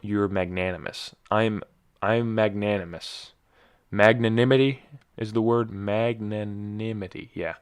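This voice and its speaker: A man's voice: lowish voice, steady tone, measured pace, clear, resonant tone. A young man hosting a casual solo podcast, rambling and joking, often stumbling and correcting himself. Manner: rambling, self-correcting, jokey. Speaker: podcast host.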